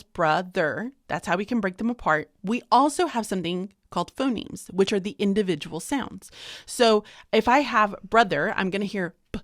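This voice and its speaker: A woman's voice: medium pitch, a bit bright, no echo, studio quality. Upbeat woman teaching reading skills. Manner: upbeat, self-deprecating, talks while writing. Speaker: literacy teacher trainer. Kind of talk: instructional screen walkthrough.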